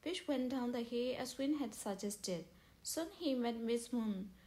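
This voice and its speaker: A woman reading children's stories aloud. Her delivery is steady and clear, and her voice sits a little higher than most. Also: measured pace. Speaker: storyteller.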